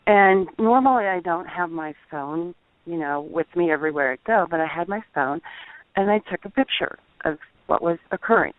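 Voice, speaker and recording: A middle-aged woman calling in, telling a personal testimony in an earnest, halting way, over the phone. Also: fairly low pitch, animated, no echo. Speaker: caller. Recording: tinny dry phone line.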